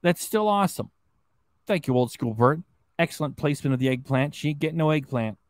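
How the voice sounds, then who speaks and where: A man's voice: on the high side, animated, brisk, no room sound. A man hosting a livestream reaction show, reading viewer chats in a mocking, rambling way. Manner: mocking, rambling, repeats himself. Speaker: host.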